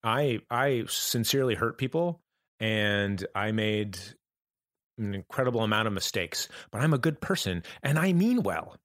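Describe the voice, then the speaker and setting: A man speaks earnestly in a reflective conversation, stopping and restarting his phrases as he searches for words. His voice sits fairly low, and the recording is close and dry. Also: animated, a bit bright, no echo. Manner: halting, restarts often, earnest. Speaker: podcast guest.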